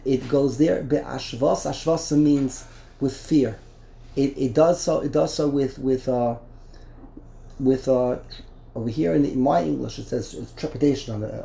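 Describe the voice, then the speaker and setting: A man's voice: mid-range voice, vocal fry, dark tone, echoey room. A man teaching a Torah class, explaining a text line by line, often repeating and restarting words.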